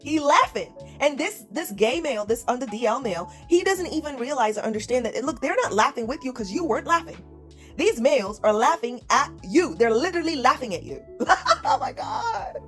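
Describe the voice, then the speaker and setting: A woman's voice: sits high, sing-song, brisk, faint music behind. A woman giving reaction commentary in a mocking, scornful way, repeating her points.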